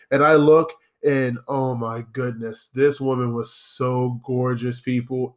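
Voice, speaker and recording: Profane rambling podcast guy. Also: medium pitch. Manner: profane, rambling, self-deprecating. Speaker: podcast host. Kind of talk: casual storytelling monologue.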